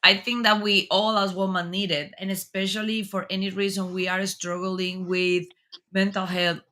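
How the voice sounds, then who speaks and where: A woman hosting a talk show interview, speaking in an earnest, encouraging way with thoughtful, slightly halting phrasing. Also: mid-range voice, little pitch movement, sharp tone.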